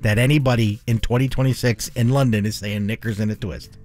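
A man's voice: mid-range voice, a little fast, faint music behind. A man co-hosting a radio show, chatting casually and laughing often. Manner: laughs often, lively and playful. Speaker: radio co-host. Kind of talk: casual on-air banter.

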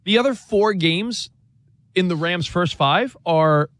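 Man, sports talk co-host, rambling, restarts a lot, lively higher voice, dry recording. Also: slow, no room sound. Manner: animated, rambling, restarts and self-corrections. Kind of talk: casual sports debate.

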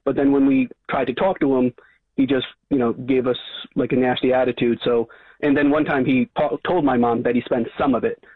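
Over a tinny phone line, another caller from Long Island talks to a radio show, stumbling through fillers and false starts. He has a husky mid-range voice, delivers things flatly at a fairly quick clip, and the recording is dry.

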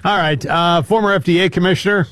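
A man's voice: high-pitched, quick pace, a bit bright, no echo. A male talk show host who makes wry jokes and moves the show between topics. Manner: joking, wry. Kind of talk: casual political talk show.

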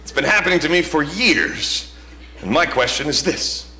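A man's voice: a little high, sing-song, normal speed, sharp tone. A male stand-up comedian telling an exasperated, ranting bit in a live comedy routine. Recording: roomy live club recording with crowd.

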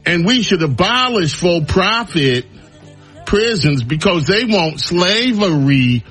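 A man's voice: high-pitched, slow pace, husky, faint music behind. A male radio talk show host giving an opinionated, mocking monologue. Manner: mocking, drawling, animated.

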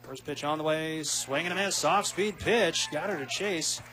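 A man doing play-by-play radio commentary of a softball game, quick and rising with big plays. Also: on the high side, faint music behind. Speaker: play-by-play announcer.

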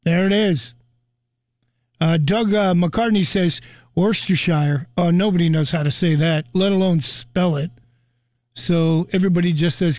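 High-voiced older man hosting morning radio. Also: a little mellow, no room sound. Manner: chatty, amused, reads out listener posts. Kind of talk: radio talk segment reading listener comments.

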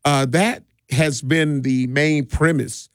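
A middle-aged man who works as a DJ tells stories in a relaxed, rambling way during a casual interview, with frequent restarts and laughs. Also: fairly high pitch, takes it slowly, no room sound, studio quality. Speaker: DJ and community party organizer.

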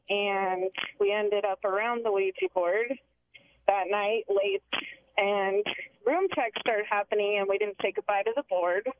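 A woman's voice: mid-range voice, smooth, no echo. A woman calling in to a talk show, telling a long story in a chatty, rambling way over the phone. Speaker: caller. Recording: tinny phone line with faint hiss.

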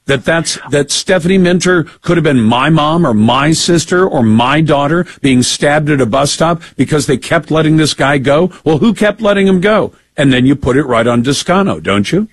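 A man's voice: on the high side, lively intonation, normal speed, few pauses, no echo. A man hosting a political talk radio show, emphatic and fond of rhetorical questions.

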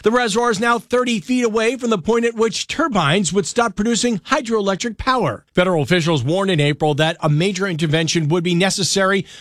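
A man reading a radio news report in a steady, factual manner. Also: high voice, brisk, hardly any pauses, no room sound, clean studio sound.

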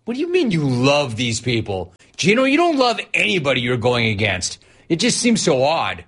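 A man hosting a sports talk radio show, sarcastic and animated as he reads out listener messages and riffs on them. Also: medium pitch, moderate pace, slightly rough.

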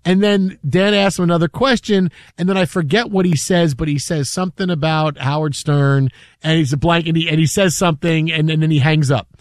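A middle-aged man hosting a sports talk show, telling a story in an animated way and acting out the voices of the people in it. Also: fairly high pitch, fairly quick, no room sound, clean studio sound. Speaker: sports radio host.

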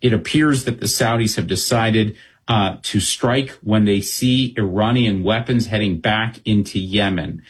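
Husky-voiced male policy analyst. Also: on the low side. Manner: fast, measured, with frequent um and uh. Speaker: Middle East analyst guest. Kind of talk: unscripted interview analysis.

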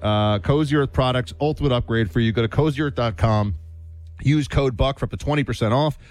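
A man's voice: mid-range voice, fairly quick, a little mellow, dry recording. A man co-hosting a talk radio show, teasing his partner in a wry way and reading ads in a friendly tone. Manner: wry, teasing, mock accents. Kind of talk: casual talk radio banter and host-read ad.

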